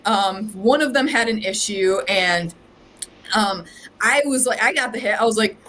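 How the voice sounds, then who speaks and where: A woman from Ohio, USA, a psychic medium appearing as a podcast guest, tells her story in a chatty, rambling way, saying "like" constantly. Her mid-range voice is a little slow and fairly bright. The recording is rough, with slight background noise.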